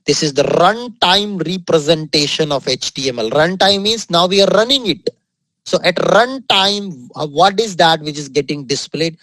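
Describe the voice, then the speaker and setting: A man with an Indian English accent teaching a coding lesson over his screen, upbeat, sprinkling in words of praise and repeating the key points slowly. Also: fairly high pitch, lively intonation, a bit bright, no echo, poor audio. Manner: upbeat, drops frequent exclamations of praise. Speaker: software trainer. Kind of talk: screen-recorded coding tutorial.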